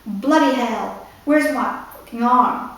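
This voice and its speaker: Woman reads as an injured army commander in shock, slow dazed cursing, fairly high voice, echoey room, mic kept at a distance. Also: natural voice. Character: wounded male British army commander in shock.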